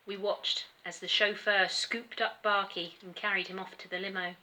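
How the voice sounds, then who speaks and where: A woman teacher with an English accent reading a storybook aloud to children in an expressive way, pausing to point out the pictures. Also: mid-range voice, low-quality recording. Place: school.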